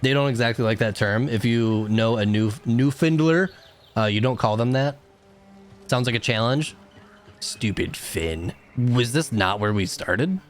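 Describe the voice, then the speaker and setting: A man's voice: medium pitch, a little slow, faint music behind. A young man doing live game commentary as a streamer, chatting with viewers and breaking into frustrated outbursts. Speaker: gaming streamer.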